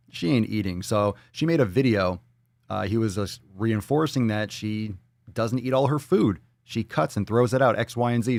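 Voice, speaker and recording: Guy ranting on a fitness livestream, swears a lot, sarcastic, lowish voice, dry close sound. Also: dry recording. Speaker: fitness show host. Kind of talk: live-stream commentary reading viewer comments.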